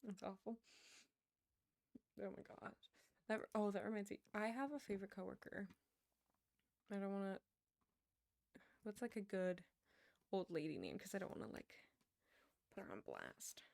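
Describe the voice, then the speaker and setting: A woman's voice: medium pitch, big pitch swings, normal speed, creaky, pauses often, darkish tone, no echo. Young woman livestreamer, chatty storyteller, dry close sound, mid-range voice. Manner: chatty storytelling, laughs often, mutters while playing. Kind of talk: casual chat while gaming.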